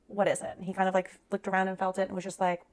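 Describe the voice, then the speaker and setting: Thirties woman, rapid chatty storyteller, heavy on fillers. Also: medium pitch, level tone. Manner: rapid, conversational, full of "like" fillers. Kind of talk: personal storytelling.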